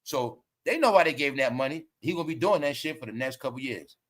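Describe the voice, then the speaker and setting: A man's voice: mid-range voice, lively intonation, fast talker, a bit bright. A man hosting a casual commentary stream, slangy and profane, laughing often as he tells stories. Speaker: commentary livestream host.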